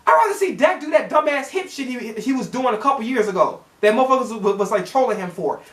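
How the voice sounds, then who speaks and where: A man's voice: very high-pitched, lively intonation, fast talker, a bit bright, echoey room. Man ranting heatedly about football. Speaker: sports reaction channel host. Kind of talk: profane fan rant.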